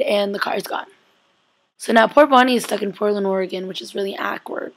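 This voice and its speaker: A young woman recapping a TV episode in a chatty, excitable way, full of "like" and acted-out quotes. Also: mid-range voice, fairly quick. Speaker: vlogger.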